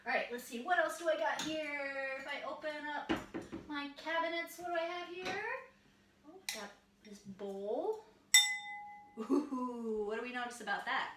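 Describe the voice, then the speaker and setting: A woman with a fairly high voice leads a children's music lesson in her kitchen. She talks in friendly questions to young listeners. She sounds distant in an echoey room with loud clatter. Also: very noisy. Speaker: music teacher. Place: home kitchen.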